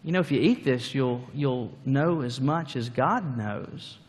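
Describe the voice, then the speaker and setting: A man voicing the devil as a smooth tempter who speaks softly. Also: mid-range voice, lively intonation, measured pace, in a large hall, voice pushed down, lightly acted. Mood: tempting.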